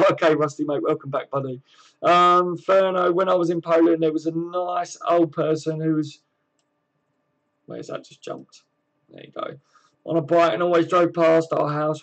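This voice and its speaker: A fairly high-voiced man, casually chatting on his live stream. He reads out viewers' comments and answers them in an easygoing, slang-filled way. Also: vocal fry, low-quality recording. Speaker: host of a fan live stream.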